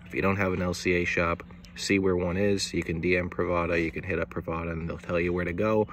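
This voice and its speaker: A man's voice: deep voice, little pitch movement, quick pace, a bit bright, slight background noise. A man giving a casual, laid-back video review who repeats words and swears offhandedly. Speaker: cigar reviewer.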